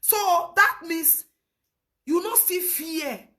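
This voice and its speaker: Nigerian woman, live-stream commentator, high-pitched and animated, often laughing. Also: drawn-out words. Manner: laughs often, lively storytelling. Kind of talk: casual commentary in Pidgin.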